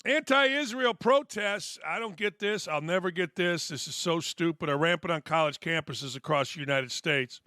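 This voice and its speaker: A man's voice: on the high side, fairly even intonation, normal speed, few pauses, sharp tone, no echo, studio quality. A middle-aged man hosting a sports talk show, delivering a blunt, sarcastic, fired-up opinion monologue.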